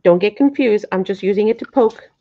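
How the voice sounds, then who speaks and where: Warm in tone and a little fast, her mid-range voice carries a live craft tutorial she's hosting as a middle-aged woman. She's chatty, somewhat flustered, and keeps touching base with her viewers, apologizing as the camera framing flusters her. Dull, lo-fi sound.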